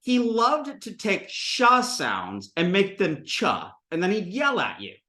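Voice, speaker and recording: A man in his thirties giving a lively, digressive classroom lecture on Sanskrit, acting out voices for his examples. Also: high-pitched, slow pace, roomy sound. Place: classroom with students.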